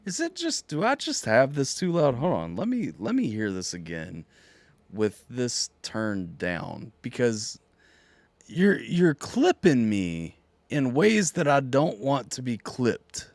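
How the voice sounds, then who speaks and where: A man hosting a live music reaction stream, hoarse and nearly voiceless, chatting casually with his viewers and reading out their messages. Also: mid-range voice, wildly swooping pitch, slow, no room sound. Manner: chatty, talks straight to viewers, reading out chat.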